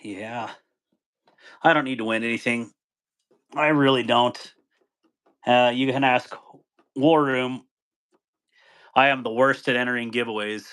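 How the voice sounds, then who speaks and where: A man's voice: medium pitch, fairly even intonation, a little slow, long pauses, a bit bright, clear, resonant tone. A man hosting a casual live stream, greeting viewers by name, chatting loosely and laughing easily.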